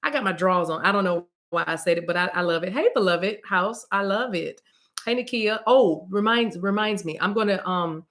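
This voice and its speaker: A woman's voice: mid-range voice, fairly bright tone. A middle-aged woman from the US East Coast, a spiritual reader chatting casually on a livestream, rambling playfully and greeting viewers by name.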